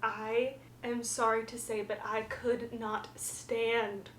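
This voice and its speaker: A woman's voice: a little high, level tone, slow pace, fairly bright tone. A young woman from the American South giving frank, chatty book reviews in a casual vlog, full of fillers. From Southern United States, the Carolinas. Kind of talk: casual chat. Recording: roomy echo, faint background hiss.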